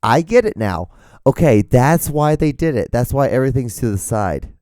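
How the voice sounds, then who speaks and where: A man's voice: medium pitch, lively intonation, normal speed, warm tone, no echo. Rambling, profane male podcast host. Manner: rambling, profane, self-deprecating. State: voice wearing out.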